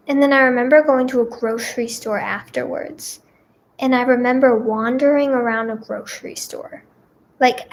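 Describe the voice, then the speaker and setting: A woman's voice: a little high, a little hiss or hum. Young female vlogger with a slightly raised voice, rambling casually through a story told to camera. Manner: rambling, repeats herself, lots of "like".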